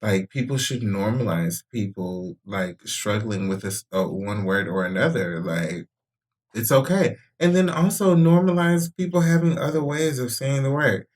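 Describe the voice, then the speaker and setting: Animated, laughing podcast host from Houston. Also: medium pitch, a little slow. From Houston, Texas. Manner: animated, laughs often, emphatic. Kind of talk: casual chat.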